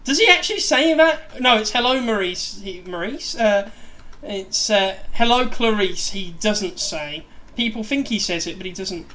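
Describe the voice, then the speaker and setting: A man's voice: high-pitched, animated, moderate pace, hardly any pauses, bright, forceful tone. A man hosting a casual livestream, chatting in a rambling, self-deprecating way. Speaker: livestream host. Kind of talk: casual chat on a gaming livestream.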